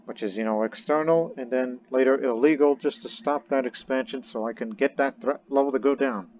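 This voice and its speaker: A let's-play gamer with a mid-range, slightly mellow voice chats briskly and ramblingly as he plays a strategy game, voicing his thoughts as he goes. The lo-fi recording sounds dull, with faint game music and slight background noise.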